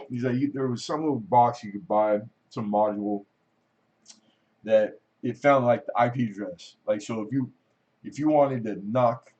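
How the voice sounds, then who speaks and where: A middle-aged man hosts a casual chat, his medium-pitched voice carrying a darkish tone over dull-sounding audio. He rambles through stories, acts out what people said, and laughs often.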